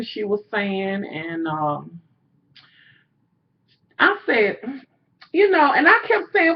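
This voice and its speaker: A young woman telling a story to her viewers in a casual, profane rant, swinging between low asides and loud outbursts. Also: very animated, takes it slowly, pauses often, highs cut off.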